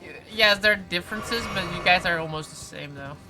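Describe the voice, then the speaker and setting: A game streamer talks over a live session at a mid-range pitch, reading out viewer messages and replying in loose, rambling sentences full of "like" and restarts. Game music plays clearly behind the voice on a close desk mic. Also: fairly quick, rough recording. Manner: chatty, reads viewer comments aloud and answers them; frequent "like" fillers and self-corrections. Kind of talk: casual live-stream chat while playing.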